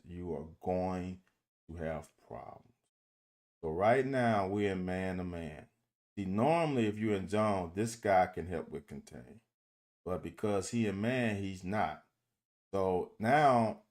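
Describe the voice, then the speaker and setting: A man talking through football game film in a casual, exasperated way, cursing at bad plays and speaking straight to his viewers. His pitch swings widely, rising and dropping as he reacts. He takes his time, with an unhurried pace between points. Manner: animated, exasperated coaching critique with swearing; addresses viewers directly as "y'all". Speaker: football film breakdown host.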